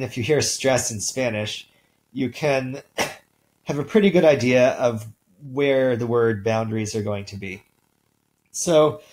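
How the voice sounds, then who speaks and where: A male linguistics instructor giving a recorded lecture in a relaxed way, with many ums and uhs and the odd throat clear. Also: mid-range voice, low-quality recording.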